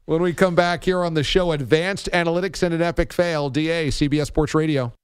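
A man hosting a sports radio show, telling stories in a lively, chatty way. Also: a little high, a little fast, slight background noise. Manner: animated, laughing, storytelling.

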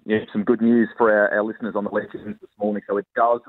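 A man's voice: fairly low pitch, little pitch movement, quick pace, no echo. A man giving an upbeat, chatty motorsport report on radio. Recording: tinny phone line.

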